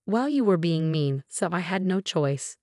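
A woman's voice: fairly low pitch, animated, measured pace, mellow, dry recording, clean studio sound. A woman voicing a scheming young mother who shrugs off blame with careless, evasive replies. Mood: flippant. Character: scheming flippant young mother, a sister-in-law.

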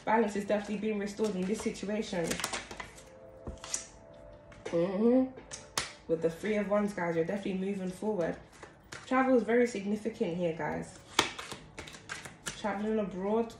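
With a medium-pitched voice, a moderate pace and frequent pauses, a tarot card reader gives her viewers a casual, chatty reading and often calls out to them as "guys." The room echoes, and background noise stays steady.

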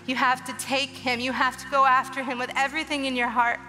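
A woman's voice: sits high, level tone, brisk. A woman in her thirties giving an emotional, earnest testimony sermon on a church stage, urging the crowd with rising urgency. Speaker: guest speaker. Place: large church auditorium. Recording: long hall reverb with soft music behind.

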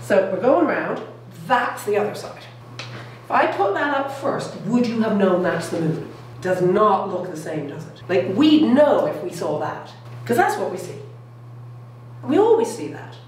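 A woman's voice: medium pitch, sing-song, a little slow. A middle-aged woman giving a public science lecture, enthusiastic and often checking in with her audience. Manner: enthusiastic, keeps checking in with "okay?" and "all right?". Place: lecture room. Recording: echoey room, distant mic, faint noise.

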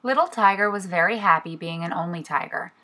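Preschool teacher reading a picture book aloud. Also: female voice, lowish voice, a little fast, sharp tone.

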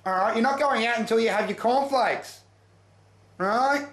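A man's voice: very high voice, normal speed, echoey room. Man putting on a nagging Aussie mum. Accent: Australian. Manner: nagging, then confiding and hushed. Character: fed-up single mum, middle-aged woman, nagging.

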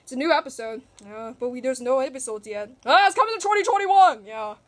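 Excitable woman doing toy play narration, very high voice, jumps all over the place. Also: fast. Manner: excitable, shrieks and gasps. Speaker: channel host.

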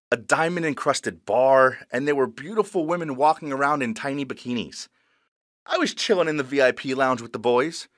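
A man telling a first-person story in an expressive, animated narration style. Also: medium pitch, dry recording, studio quality.

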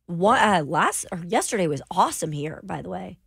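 A woman co-hosting a sports radio show in casual, cheerful chat, her voice hoarse and raspy today. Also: on the low side, animated, normal speed, a bit bright. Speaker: radio co-host.

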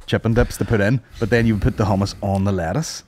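A man co-hosting a podcast, telling a story with lots of swearing and high-pitched mimicry. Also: fast, a little hiss or hum. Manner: animated storyteller, swears a lot, mimics people in high voices. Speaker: podcast co-host. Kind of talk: casual chat.

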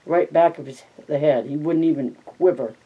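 A man reading as a gruff, blunt ranch hand. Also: a little high, normal speed, lo-fi sound. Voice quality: coarse, insistent.

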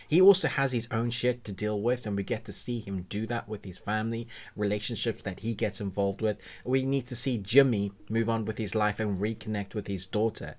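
A man's voice: lowish voice, fairly even intonation, a little fast, hardly any pauses, darkish tone. A man giving a casual, enthusiastic spoken review of a TV series, rambling a little and restarting his sentences.

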